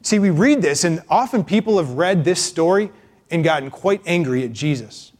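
Male pastor, sermon delivery, emphatic and expressive, slightly raised pitch. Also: moderate pace. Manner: emphatic, expressive, acts out voices.

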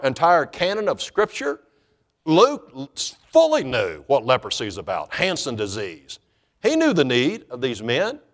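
A pastor preaching a sermon, reading scripture and swinging between loud emphatic lines and hushed ones. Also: male voice, fairly high pitch.

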